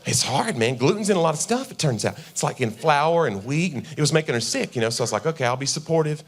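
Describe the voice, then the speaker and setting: His voice a little high and slightly rough, a man in his forties rattles through a fast, very animated stand-up set in a church auditorium. He chats with the live crowd and acts out scenes between himself and his wife, doing both voices.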